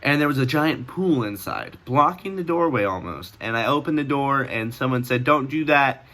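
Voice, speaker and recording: A man's voice: mid-range voice, animated, normal speed, fairly bright tone. A teenage boy vlogging at home, telling a long story in a casual, rambling way, full of restarts and fillers, laughing often.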